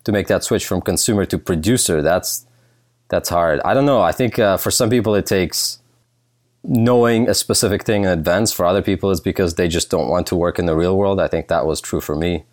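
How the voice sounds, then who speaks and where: A middle-aged man, born in Russia, speaking as a political science professor in a relaxed interview, candid and full of fillers. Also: deep voice, brisk, no echo, studio quality. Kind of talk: casual conversational interview.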